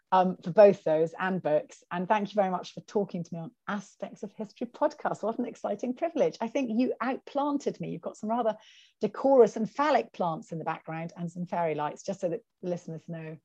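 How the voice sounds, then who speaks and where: Lively woman on a dull dry call. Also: medium pitch, fairly quick, no room sound. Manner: animated storyteller, quotes people in their voices. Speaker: author and guest. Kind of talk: podcast interview over video call. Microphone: video call.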